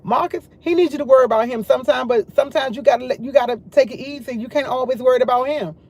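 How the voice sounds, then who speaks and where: A woman's voice: sits high, fast, a little mellow. A woman hosting a casual morning livestream, chatting and rambling directly to her viewers. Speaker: livestream host.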